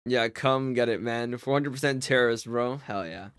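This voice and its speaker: A man's voice: medium pitch, steady tone, brisk, few pauses, clear, resonant tone. A man streaming a game live, chatting casually with his viewers and teasing them with mock offense. He often stammers and repeats words as he jokes. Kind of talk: casual live-stream chat while playing.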